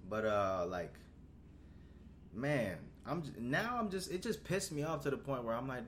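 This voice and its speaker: A man's voice: mid-range voice, very animated, a little slow, fairly bright tone, a little hiss or hum. A young man hosting a casual solo podcast, rambling and swearing in a laid-back way, his voice jumping up when he gets worked up. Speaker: podcast host. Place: Houston, Texas.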